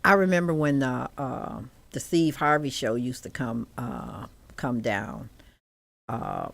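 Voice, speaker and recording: A woman chats casually on a radio show, unhurried, with lots of mm-hmms. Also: very deep voice, very animated, gravelly, no echo. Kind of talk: casual chat.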